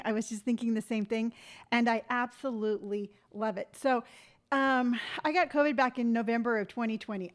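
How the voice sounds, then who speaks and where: A woman in her fifties hosting a casual morning live stream, chatty and rambling, greeting viewers by name. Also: fairly high pitch. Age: 50s.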